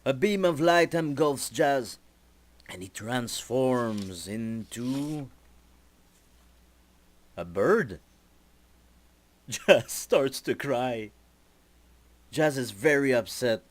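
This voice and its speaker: Slow-paced young man narrating a storyboard. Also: medium pitch, expressive. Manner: slow, deliberate storytelling with small slips. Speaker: student presenter.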